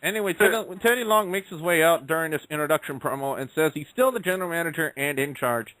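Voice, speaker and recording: High-voiced jokey wrestling radio host. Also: male voice, fast talker, pushed and bright, dry recording, poor audio. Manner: rambling, jokey, repeats lines for laughs. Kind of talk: casual wrestling talk radio recap.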